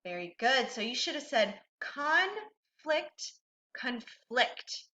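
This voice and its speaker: A woman's voice: on the high side, a little slow, sharp tone. A woman teaching a recorded reading lesson to a child, patient and encouraging, asking questions and then answering them herself.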